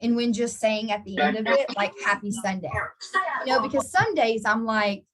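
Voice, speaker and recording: A woman's voice: a little high, brisk, crowd noise. Chatty woman coaching her team live. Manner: chatty, repeats words and restarts often; encouraging, answers viewers by name. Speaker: network marketing team trainer. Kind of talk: casual live training talk.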